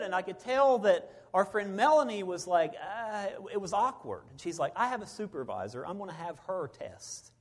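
A middle-aged man, a preacher, telling a personal story in a sermon, swinging between loud bursts and hushed moments. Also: sits high.

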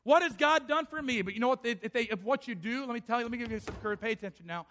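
A middle-aged pastor delivers an impassioned sermon in a high, bright voice. He often acts out the voices of the people in his story, shifting between them and his own preaching. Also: racing, a little hiss or hum.

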